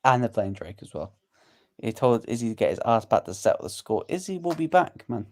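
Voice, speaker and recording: A man co-hosting a casual fight watchalong, eager and opinionated, quick to call the next matchups. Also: medium pitch, sing-song. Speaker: co-host. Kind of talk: casual fight commentary chat.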